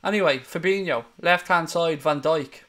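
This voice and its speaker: A man's voice: fairly high pitch, normal speed, a bit bright. A man hosting live match commentary, calling play-by-play in a heated, sweary way. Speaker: host.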